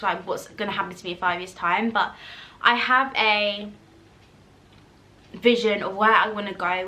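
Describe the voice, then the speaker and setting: A woman's voice: medium pitch, bright, forceful tone. A woman, chatting casually to camera as she answers viewer questions, rambling with fillers and restarts. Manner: eating while talking at times. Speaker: YouTuber.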